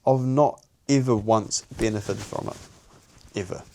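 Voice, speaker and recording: A man's voice: fairly low pitch, unhurried, mellow, a little hiss or hum. A young man, telling a personal story on a podcast in a blunt, sweary way. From New Zealand. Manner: blunt and sweary, peppering speech with "bro". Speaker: podcast co-host.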